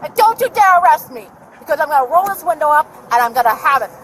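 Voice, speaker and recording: A woman's voice: high-pitched, expressive, fast, a bit bright. Agitated rambling woman, noisy bodycam. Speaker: woman stopped by a deputy. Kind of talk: heated argument with a police officer. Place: in her car in an outdoor parking lot. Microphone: officer's body camera. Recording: noisy outdoor bodycam audio.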